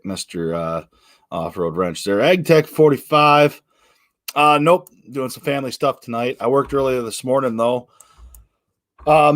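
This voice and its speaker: A man's voice: mid-range voice, no echo. Guy doing a laid back live chat, lots of ums, dry close sound. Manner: relaxed, rambling, many fillers and restarts. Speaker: livestream host. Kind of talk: casual live chat reading comments.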